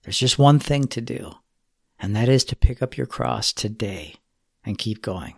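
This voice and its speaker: Man, sermon, earnest exhortation, gravelly, dry sound. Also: mid-range voice, animated, no room sound. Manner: earnest, measured, pleading exhortation. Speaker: preacher.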